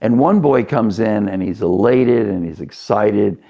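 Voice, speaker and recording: A man's voice: fairly low pitch, unhurried, dark tone, dull audio. A man preaching a sermon, telling a story and acting out the characters' voices as he goes.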